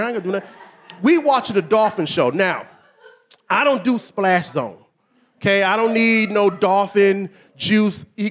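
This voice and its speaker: Against a noisy background, a middle-aged comic with a very high voice does a club routine. He tells lively stories and acts out quotes by switching his voice.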